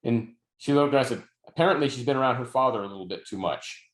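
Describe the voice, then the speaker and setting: A man's voice: mid-range voice, quick pace. A middle-aged man co-hosting a podcast, telling stories with dry, wry asides. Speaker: podcast co-host and novelist. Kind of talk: casual podcast chat. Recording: roomy echo.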